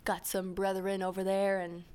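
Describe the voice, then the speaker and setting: A woman voicing a saiga antelope, speaking in her own plain voice with halting pauses. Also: mid-range voice, monotone, a little mellow, smooth, lightly acted. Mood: hesitant.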